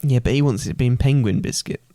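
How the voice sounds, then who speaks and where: Dry, teasing son on a podcast. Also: male voice, medium pitch, brisk, mellow, dry recording. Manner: teasing, dry, reads listener messages. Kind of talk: casual chat.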